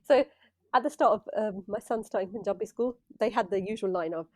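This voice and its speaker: A woman's voice: medium pitch, fairly quick, darkish tone, no room sound, studio quality. A middle-aged woman from England co-hosting a casual podcast chat, laughing often and acting out what people say. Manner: chatty, laughs often, acts out quotes. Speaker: podcast co-host.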